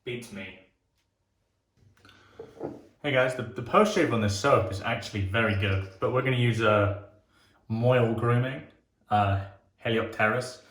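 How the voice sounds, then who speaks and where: A man chatting his way through a shave in a relaxed, easygoing way, with the odd swear word when he gets excited. His voice sits at an ordinary middle pitch, and the small room around him echoes noticeably. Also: a little slow, long pauses. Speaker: shaving channel host. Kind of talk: casual shaving vlog talk. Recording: roomy, echoey sound.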